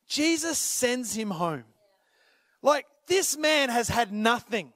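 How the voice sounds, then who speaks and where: A man preaching a sermon as pastor, swinging between urgent, rising calls and quiet appeals, sometimes acting out the people in the story. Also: very high voice, big pitch swings, slow, no echo. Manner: impassioned, rises to urgent calls then drops to quiet; acts out voices when retelling scripture.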